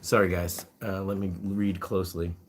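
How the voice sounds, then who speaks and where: A man with a slightly low voice hosts a relaxed live chat. He reads viewer comments aloud and talks to his animals between answers. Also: moderate pace, slight background noise. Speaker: guinea pig rescuer hosting a live chat. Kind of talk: casual live-stream chat.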